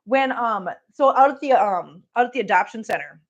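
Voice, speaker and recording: Middle-aged woman, casual livestream host at home; chatty, friendly greetings, slightly high pitch. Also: moderate pace, highs cut off. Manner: chatty, greets viewers warmly by name. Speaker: cat channel host.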